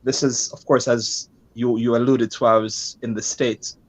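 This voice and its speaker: A pastor telling a lively, self-deprecating story about his life as a guest in a conversation. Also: medium pitch, moderate pace.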